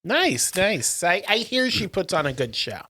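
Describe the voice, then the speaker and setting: A man's voice: high-pitched, big pitch swings, measured pace, bright, forceful tone. A man co-hosting a podcast in casual chat, adding wry, teasing asides. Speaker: podcast co-host.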